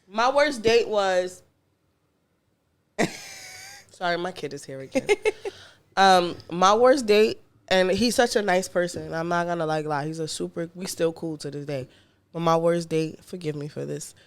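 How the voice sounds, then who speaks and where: A woman's voice: lowish voice, a little slow, clean tone. A woman, co-hosting a podcast, telling a story in casual chat with blunt, profane talk. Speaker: podcast co-host.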